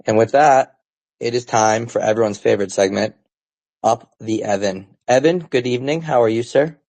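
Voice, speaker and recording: A man's voice: medium pitch, moderate pace, a little mellow, low-quality recording. A man hosting a casual fan podcast, bantering with callers in a laid-back, joking way. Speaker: podcast host.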